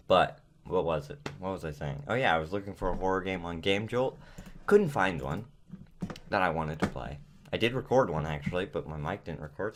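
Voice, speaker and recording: A man with a somewhat low voice gives casual reaction commentary from his home setup. He chatters nervously and talks himself through it, with a faint hum of ambience behind him. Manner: jittery, nervous chatter with self-talk. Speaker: gaming vlogger.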